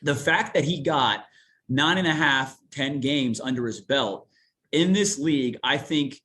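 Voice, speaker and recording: A man from Newark, Ohio, with a Central Ohio accent, a TV sportscaster talking as a guest in an animated, folksy way. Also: medium pitch, a little slow, a little hiss or hum. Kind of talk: casual sports interview.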